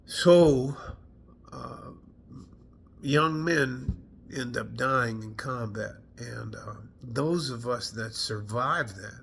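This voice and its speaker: A middle-aged man, an army veteran, talking casually to camera at home, halting and rambling, foggy from medication, swearing now and then. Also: medium pitch, steady tone, gravelly, fairly bright tone, a little hiss or hum. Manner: rambling, halting, swears, loses his train of thought. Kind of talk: emotional casual talk to camera. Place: at home indoors.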